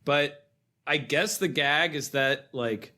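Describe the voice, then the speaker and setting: A man's voice: a little high, takes it slowly, bright, forceful tone. A man co-hosting a film podcast, talking casually and chuckling as he recounts scenes. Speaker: podcast co-host.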